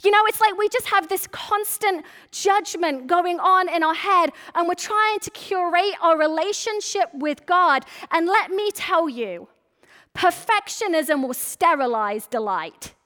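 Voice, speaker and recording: A woman preaches to her church in a loose, chatty way and slips into quick voiced asides. Her voice sits high. The sound carries a long reverb from the sanctuary. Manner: casual, animated preaching with quoted asides. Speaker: pastor. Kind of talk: sermon.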